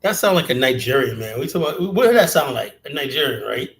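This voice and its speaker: A man's voice: mid-range voice, very animated, fast talker, creaky, a bit bright. Laid-back guy hosting, teasing his friends, faint room noise. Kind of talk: casual chat.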